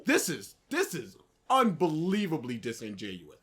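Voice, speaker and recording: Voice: medium pitch, wildly swooping pitch, moderate pace, a bit bright, breathy edge. A podcast co-host in casual chat, emphatic and exasperated while critiquing. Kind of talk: casual chat reacting to a video.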